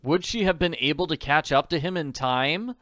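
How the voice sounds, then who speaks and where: A man narrating an audiobook in a measured, steady reading voice. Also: on the high side, no room sound, studio quality.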